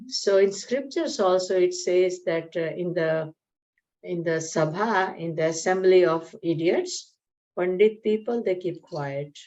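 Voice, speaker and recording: A woman leads a scripture study class, explaining terms in an easy conversational way. Her voice sits on the lower side. The recording is dull and lo-fi. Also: measured pace, darkish tone. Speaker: Gita study class teacher. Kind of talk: spiritual lecture with a joke. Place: community class room.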